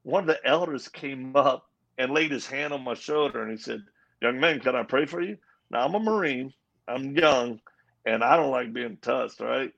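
A man with a gravelly, husky voice tells his life story as a guest in a conversation. He is earnest and slips into the voices of the people he quotes. The sound is slightly dull and lo-fi. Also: mid-range voice, normal speed, a bit bright. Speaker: interview guest. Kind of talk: personal testimony in conversation. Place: live event at a Christian coffee house.

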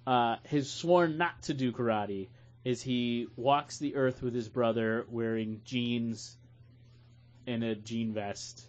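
A man's voice: mid-range voice, fairly even intonation, slow, darkish tone, muffled recording. A man hosting a podcast, bantering loosely and laughing with friends. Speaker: podcast host. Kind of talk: casual podcast chat.

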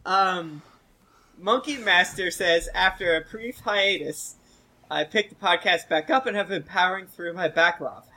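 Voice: mid-range voice, a little slow, pushed and bright. A podcast regular in casual chat, playfully reading listener reviews aloud with jokey asides. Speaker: podcast cast member.

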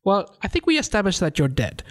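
A man's voice: sits high, wildly swooping pitch, brisk, a bit bright. A man playing in a tabletop game, reasoning aloud with some hesitation. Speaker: player. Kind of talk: casual tabletop game chat.

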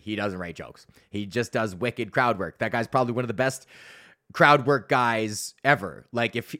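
A man's voice: medium pitch, a bit bright, no room sound, clean studio sound. Profane, rambling man in his thirties. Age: 30s. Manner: rambling, profane, quick to laugh at his own stories. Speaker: podcast host and stand-up comedian. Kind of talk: casual storytelling monologue.

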